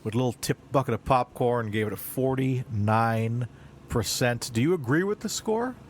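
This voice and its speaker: A man's voice: medium pitch, expressive, moderate pace, a little hiss or hum. A man co-hosting a podcast, chatting casually and often repeating his words as he gets going. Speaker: podcast co-host. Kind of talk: casual chat.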